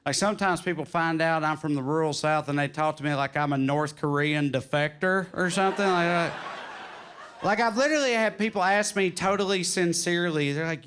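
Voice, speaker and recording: A man in his thirties with a Southern drawl, doing stand-up on a comedy club stage, telling wry stories and putting on quick voices. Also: fairly high pitch, fairly bright tone, slight background noise. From Tennessee. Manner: drawling, wry storytelling with sudden put-on quotes. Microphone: handheld stage mic.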